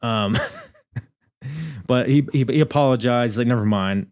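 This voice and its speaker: A young man hosting a podcast, reviewing in a casual, animated way, swearing and laughing at his own asides. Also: mid-range voice, slow. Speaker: podcast host.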